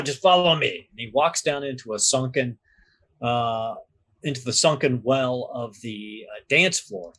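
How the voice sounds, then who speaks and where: A man narrating a tabletop game as game master, describing scenes in a measured storytelling manner. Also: medium pitch, bright, forceful tone, slightly rough.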